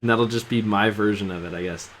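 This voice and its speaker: A man's voice: fairly low pitch, fairly even intonation, quick pace, a bit bright, low-quality recording. A man casually commenting while he plays and voices a video game, with rambling, self-mocking asides. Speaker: streamer. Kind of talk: casual let's-play commentary and voice acting. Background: game music.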